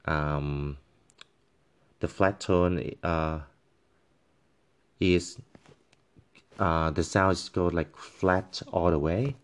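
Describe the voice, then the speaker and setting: A male language teacher patiently explaining tones, halting with frequent fillers and demonstrating each tone by voicing syllables and musical notes. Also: low voice, steady tone, smooth. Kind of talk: tone pronunciation lesson.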